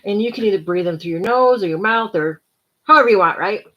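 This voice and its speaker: A tired woman giving casual self-help talk, rambling and relaxed, now and then dropping to soft whispered breathing cues. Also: medium pitch, fast, muffled recording.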